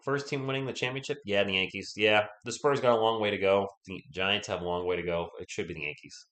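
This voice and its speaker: Hoarse young man calling a game live. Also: lowish voice, fast, roomy sound. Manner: chatty, answers viewers, holds back from yelling. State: sore throat, sounds sick. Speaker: live stream play-by-play host. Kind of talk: casual live commentary and chat reading.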